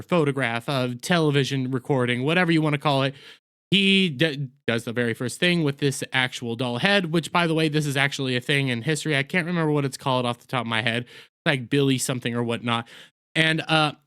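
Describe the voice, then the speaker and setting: A man's voice: a little high, a bit bright, clean tone. Blunt, crude-talking man ranting in a review. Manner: blunt, crude, sarcastic, rambling with restarts. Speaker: video reviewer.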